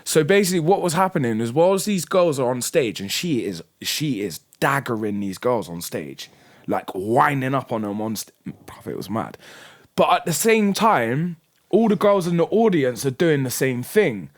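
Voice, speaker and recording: A man's voice: medium pitch, normal speed. A young man, co-hosting a podcast in casual chat and telling stories with lots of slang and swearing. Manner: animated storytelling with slang, swearing and acted-out voices. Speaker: podcast co-host.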